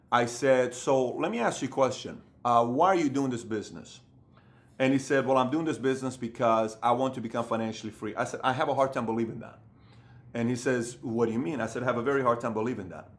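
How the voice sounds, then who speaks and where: A man's voice: medium pitch, fairly quick. Emphatic man coaching on accountability. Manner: emphatic, repeats key phrases for stress. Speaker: business coach. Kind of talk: motivational talk to camera.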